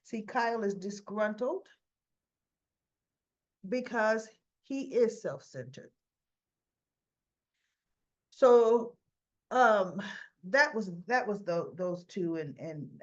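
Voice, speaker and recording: A woman's voice: medium pitch, animated, slow pace, long pauses, dull audio. A woman hosting a casual soap opera recap, chatty and opinionated, with many restarts.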